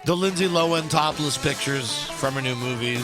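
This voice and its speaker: A man's voice: on the high side, moderate pace, music in the background. A man hosting a radio talk show, rambling and sardonic as he jumps from topic to topic in a studio. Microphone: studio microphone, dry.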